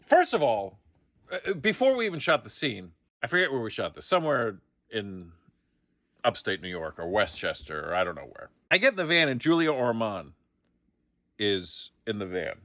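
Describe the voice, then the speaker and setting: Middle-aged man, comic anecdote, animated delivery with a bright voice, dry close sound. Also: lowish voice, normal speed, no room sound. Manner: lively, comic storytelling with acted-out quotes. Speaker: actor telling a behind-the-scenes story. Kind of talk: casual anecdote.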